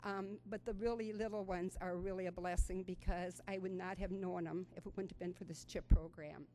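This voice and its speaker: A woman's voice: on the low side, steady tone, moderate pace, warm tone, low-quality recording. Older woman telling an earnest story. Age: 60s. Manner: earnest storyteller with frequent ums. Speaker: program participant giving a testimonial. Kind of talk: personal testimony speech to an audience. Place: school auditorium.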